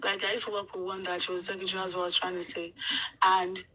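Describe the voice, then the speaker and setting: A woman's voice: on the low side, quick pace, rough recording. A Nigerian woman whose first language is Yoruba, telling a workplace story in casual chat and acting out what people said. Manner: animated storytelling, acts out quoted exchanges, repeats words. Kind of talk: casual chat, switching between English and Yoruba.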